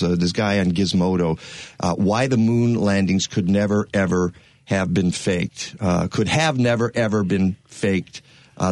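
A man's voice: lowish voice, dry recording. A man hosting a radio talk show, rambling and joking with lots of fillers from a studio. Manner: rambling, jokey, full of fillers.

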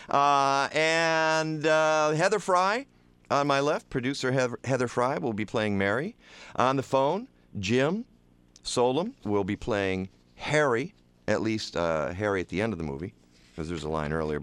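A man with a hoarse voice hosting a talk radio show, joking and animated. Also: medium pitch, moderate pace, no room sound. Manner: jokey, animated. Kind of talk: casual radio banter. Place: radio studio.

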